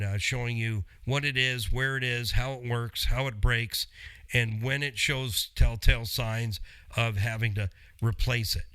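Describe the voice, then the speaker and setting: Bright, chatty man with a dry sound. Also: mid-range voice, clear, resonant tone, dry recording. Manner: chatty, jokey asides, laughs often. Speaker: auto mechanic and channel host. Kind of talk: casual talk to camera.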